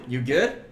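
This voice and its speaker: Stoned guy on a podcast, real slow and rambly, coughing, echoey room w faint hiss. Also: a bit bright. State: high, coughing. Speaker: podcast co-host. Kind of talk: casual livestream chat.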